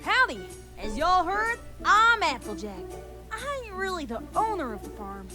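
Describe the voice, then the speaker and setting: A woman plays a friendly young farm mare from a cartoon game, talking in a folksy Southern drawl. Her voice sits very high and moves lively, with game music playing clearly behind. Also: a little slow, exaggerated voice.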